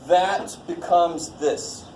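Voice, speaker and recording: A man's voice: on the high side, extremely slow, a little mellow. A man teaching a college math class in a casual, jokey way, swearing lightly and quizzing the students as he goes. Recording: echoey classroom with faint noise.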